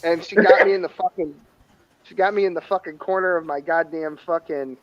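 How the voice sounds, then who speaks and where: A man's voice: on the high side, brisk. A man with a nasal voice, hosting a casual group chat in rambling, profane rants. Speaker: podcast host. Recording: dull lo-fi audio.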